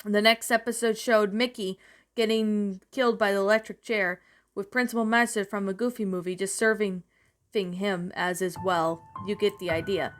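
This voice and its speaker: A woman's voice: medium pitch, steady tone, moderate pace, soft background music. A woman narrating a creepypasta and then reviewing it in a rambling, self-correcting way.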